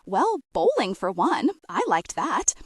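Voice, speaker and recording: A small, gentle chipmunk, played by a woman reader, remembering human life with fondness. The voice swings lively in pitch and sits close and dry, like a storybook read aloud. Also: slow, slightly rough, dry recording, exaggerated voice. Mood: fond.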